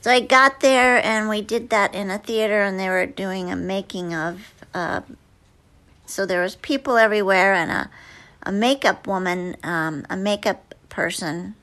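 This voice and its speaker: Slow, rambling actress reminiscing. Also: female voice, medium pitch, steady tone, fairly bright tone. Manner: chatty, hesitant, many fillers and restarts. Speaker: actress guest. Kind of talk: casual interview answers.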